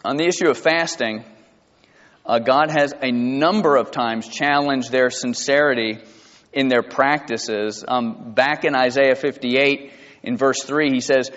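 A man preaching a sermon to his congregation, animated and rising to high emphatic peaks. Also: a little slow. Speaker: pastor. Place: church sanctuary. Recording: dull sound with long hall reverb.

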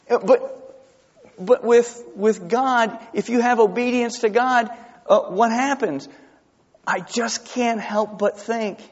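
A man preaching a sermon as pastor, emphatic and animated, often restarting his sentences. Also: very high voice. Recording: dull lo-fi sound with long hall reverb.

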